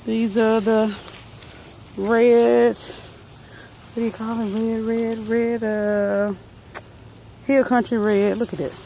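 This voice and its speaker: A woman's voice: a little high, flat delivery, slow pace, gravelly, pauses often, dark tone, a little hiss or hum, low-quality recording. Breathless woman touring her garden. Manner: chatty, muttering plant names to herself. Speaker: gardening vlogger. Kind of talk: casual garden walkthrough. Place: outdoor vegetable garden.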